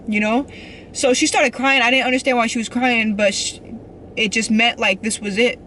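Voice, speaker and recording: A young woman shares a personal story on her vlog with a bright, forward tone. She rambles and restarts often, earnest and emotional. She leans on casual fillers as she goes. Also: a little high, fairly even intonation, moderate pace, slight background noise. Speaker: vlogger.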